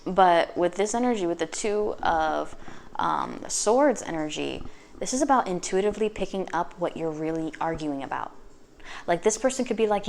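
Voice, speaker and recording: A woman's voice: lowish voice, expressive, slight background noise. Chatty, sassy woman tarot reader. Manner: chatty, sassy, swears freely, acts out quick asides. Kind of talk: casual tarot reading.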